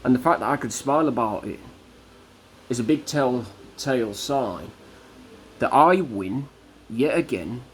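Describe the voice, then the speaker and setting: A man delivering a defiant, combative religious rant to camera, with slow, deliberate emphasis on each word. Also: mid-range voice, animated, a little hiss or hum. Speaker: vlogger.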